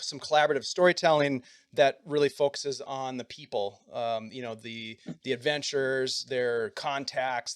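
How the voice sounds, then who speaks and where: A man's voice: mid-range voice, smooth, dry recording, clean studio sound. A man hosting a tabletop game as game master, talking with fillers and restarts. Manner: warm-up patter, hesitant fillers.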